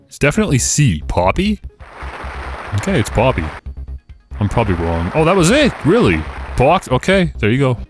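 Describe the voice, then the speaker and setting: A lowish-voiced man commenting as he plays a quiz game. He is sarcastic and exasperated, cracking jokes at every question. Faint music plays under his voice. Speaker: gaming YouTuber. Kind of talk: casual gameplay commentary.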